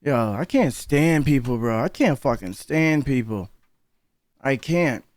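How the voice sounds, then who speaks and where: A man's voice: mid-range voice, animated, measured pace, darkish tone, no echo, clean studio sound. A man giving casual reaction commentary, heated and profane, openly disbelieving what he hears.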